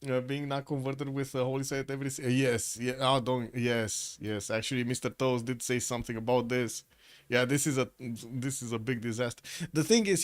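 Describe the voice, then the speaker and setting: A man giving casual solo commentary on a strategy game match, rambling with frequent pauses and restarts, and he has the hiccups. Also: mid-range voice. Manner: rambling, hesitant, many uh fillers and restarts. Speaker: esports caster.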